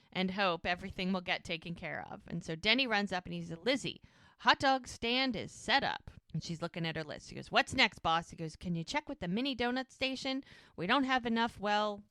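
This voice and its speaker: A woman co-hosting a podcast casually recaps a TV episode, acting out the characters' lines in quick voices. Her voice sits in the mid-range, sounding pushed and bright, with no echo.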